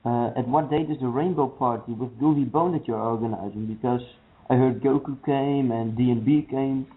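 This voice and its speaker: A male prank caller with a mid-pitched voice, joking with the host over a call-in line. The sound is narrow and tinny, like a telephone. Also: moderate pace.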